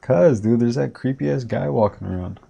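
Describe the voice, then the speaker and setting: A man's voice: mid-range voice, moderate pace, vocal fry, mellow, slightly rough. A man giving casual live-stream commentary while playing a horror game, reacting aloud and a bit jumpy.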